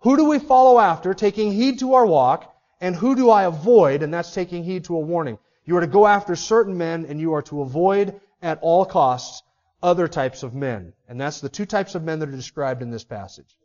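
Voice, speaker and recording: A man with a high voice preaches a sermon, stressing his points and turning to the congregation with rhetorical questions. The recording sounds dull and lo-fi, like a church recording. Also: lively intonation, a little fast, a little mellow. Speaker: pastor.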